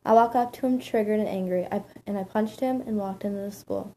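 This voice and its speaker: A woman reads a first-person story aloud in a plain, matter-of-fact way. Her voice is mellow and dark-toned, at an ordinary middle pitch. The delivery stays steady, like reading from a page. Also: fairly quick, rough recording.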